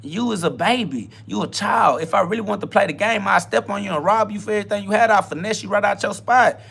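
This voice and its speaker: A man's voice: high-pitched, quick pace, gravelly, a bit bright, husky. A man hosting a profane self-talk podcast, ranting bluntly in a combative, taunting way. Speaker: podcast host.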